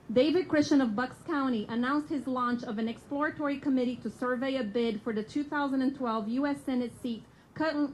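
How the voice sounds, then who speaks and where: A woman reads a formal introduction at an outdoor rally in a slightly high voice. She keeps a steady reading pace but stumbles now and then and corrects herself, with faint noise in the background. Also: poor audio. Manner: reads steadily, with small slips and self-corrections. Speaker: event introducer.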